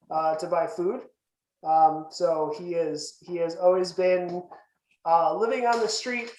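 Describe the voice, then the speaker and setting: Male player, mid pitch, halting with lots of ums, roomy echo on the mic. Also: a little mellow, slight background noise. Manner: hesitant, many fillers. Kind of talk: casual chat about a tabletop character.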